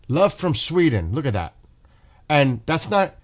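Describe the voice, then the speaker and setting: A man's voice: fairly high pitch, big pitch swings, a little slow. Impassioned man rambling on a livestream. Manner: emotional, impassioned, swearing; rambling with restarts. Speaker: livestream host. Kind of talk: casual livestream commentary.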